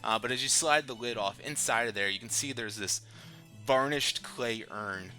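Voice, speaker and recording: Dm guy narrating a tabletop game, super bright voice, easygoing, lots of ums, faint music behind. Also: mid-range voice, normal speed. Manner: relaxed, descriptive narration with fillers. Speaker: dungeon master. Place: home streaming setup.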